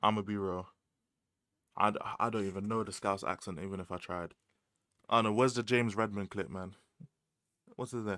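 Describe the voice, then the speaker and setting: Young London guy, low-ish voice, loose slangy stream chat, dry close mic. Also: fairly quick, pauses often, dry recording. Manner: slangy and animated, laughs often, repeats phrases. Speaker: livestream host. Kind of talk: casual livestream chat about football.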